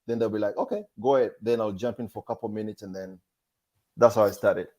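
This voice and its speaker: A man's voice: fairly low pitch, level tone, quick pace. Hesitant man, DJ guest. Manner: hesitant, restarts sentences, soft-spoken. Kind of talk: casual interview chat.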